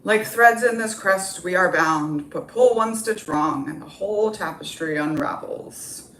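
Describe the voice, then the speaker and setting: A woman's voice: mid-range voice, measured pace, fairly bright tone, echoey room, rough recording. A woman voicing a cold, prophetic elderly queen in a solemn manner.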